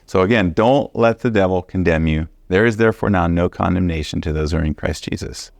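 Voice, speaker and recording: Earnest preacher guy, deep and a bit gravelly, animated bible study talk. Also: fairly quick, dry recording, studio quality. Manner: earnest, animated storytelling with repeated emphasis.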